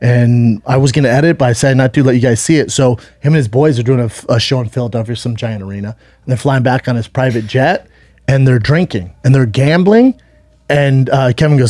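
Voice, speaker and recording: A man's voice: medium pitch, brisk, darkish tone, no room sound, clean studio sound. A man co-hosting a podcast, telling a long story in casual chat, rambling and acting out what people said, swearing freely. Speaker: podcast co-host.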